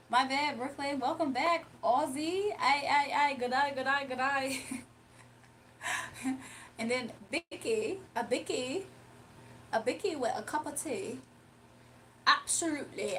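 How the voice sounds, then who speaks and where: A woman's voice: on the high side, a bit bright, far from the mic, slight background noise. A young woman hosting a casual livestream, chatting, laughing often and reading viewers' comments aloud. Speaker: livestream host doing readings.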